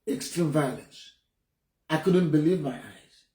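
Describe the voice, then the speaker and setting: A man's voice: on the high side, animated, unhurried, warm tone. Indignant Nigerian man, roomy sound. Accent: Nigerian English. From Nigeria (Enugu State). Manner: indignant, emphatic, blunt. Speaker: political commentator. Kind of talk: heated political commentary. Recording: roomy echo.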